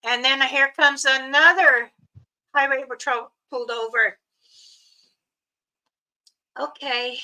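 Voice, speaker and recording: A woman's voice: high-pitched, steady tone, takes it slowly, long pauses, pushed and bright, poor audio. An older woman from Montana telling family stories on her channel in a rambling way, with chuckles. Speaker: storyteller, channel host. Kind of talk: casual storytelling.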